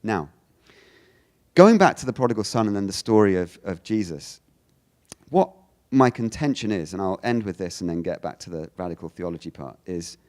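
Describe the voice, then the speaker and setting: Uk guy giving a talk, low voice, swings his pitch all over, restarts a lot. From United Kingdom. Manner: animated, restarts often, acts out quoted lines. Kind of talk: lecture.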